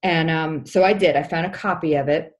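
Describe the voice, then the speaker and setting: A woman's voice: low-pitched, a little fast. A woman, a pastor's wife, telling a personal story as a podcast guest in an earnest, heartfelt way. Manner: earnest, heartfelt, many restarts.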